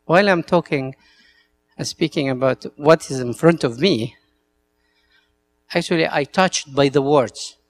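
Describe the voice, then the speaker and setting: A man's voice: fairly high pitch, measured pace, pauses often, soft background music. A male priest with an Egyptian Arabic accent, a native Arabic speaker, giving an earnest talk to church servants and telling stories in broken English.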